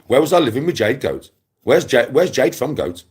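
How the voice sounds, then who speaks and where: A man's voice: medium pitch, very animated, moderate pace, darkish tone, breathy edge. A man, ranting casually to camera in a mocking, taunting way, repeating his jibes and breaking into laughs. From West Midlands, England. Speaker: vlogger.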